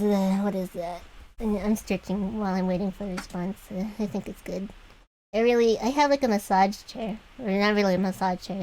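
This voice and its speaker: A woman's voice: mid-range voice, a little mellow, poor audio. Young woman streamer, giggly and rambling, easygoing chat over a drawing session, faint hiss behind. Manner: rambling, giggly, chatty with viewers. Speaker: vtuber streamer.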